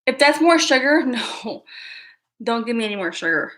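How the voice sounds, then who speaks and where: A woman's voice: a little high, very animated, normal speed, fairly bright tone. A woman hosting a casual livestream, chatting straight to her viewers in a hyper, self-amused way. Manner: talks straight to viewers, often laughing at herself. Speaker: livestream host. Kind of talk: casual live-chat talk.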